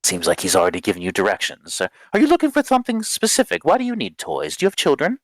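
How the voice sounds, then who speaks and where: A man's voice: fairly high pitch, huge pitch swings, fast, dry recording, voice pushed up. A man voicing a weary middle-aged woman innkeeper who makes dry, patient remarks. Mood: curious.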